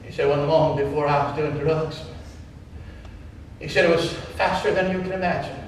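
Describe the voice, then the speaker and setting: A man's voice: fairly high pitch, fairly even intonation, moderate pace, a little hiss or hum. A man from Wyoming preaching a sermon as a pastor, telling a story with passion and acting out other people's words. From Wyoming, United States. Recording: echoey hall from far off.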